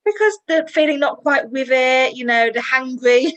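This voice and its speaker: Chatty woman with a higher voice. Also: moderate pace, poor audio. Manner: chatty and emotional, laughs often. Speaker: interview guest. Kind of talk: personal interview.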